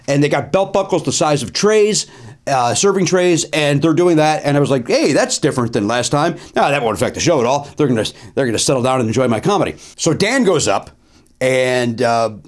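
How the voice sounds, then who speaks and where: A middle-aged male comedian and host telling a story in a lively monologue, full of ums and uhs, pushing his voice up to stress the punchlines. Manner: animated, swings pitch up for emphasis, filler-heavy.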